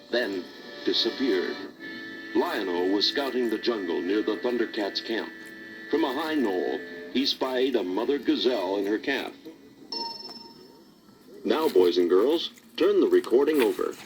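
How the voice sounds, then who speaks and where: A man narrating a children's storybook record in a dramatic read-aloud style. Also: fairly low pitch.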